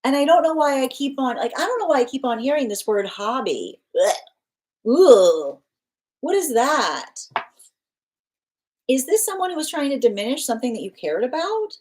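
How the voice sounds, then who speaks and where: A woman's voice: sits high, sing-song, moderate pace, darkish tone. A woman giving a live tarot reading, rambling and emphatic, with frequent restarts and repeated phrases. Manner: emphatic, insistent. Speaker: tarot reader.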